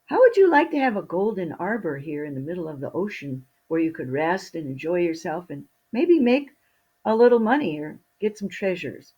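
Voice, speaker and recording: A woman's voice: lowish voice, big pitch swings, moderate pace, dark tone, slightly rough, lo-fi sound. A woman voicing an invisible male magic servant spirit who is chatty and eager to please, in a storybook telling. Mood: excited.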